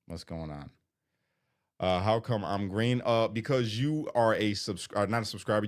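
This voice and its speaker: A man with a lowish voice talks casually on a live stream, reading out viewer comments and answering them one by one. He is chatty and informal, and his voice jumps higher and louder when something excites him.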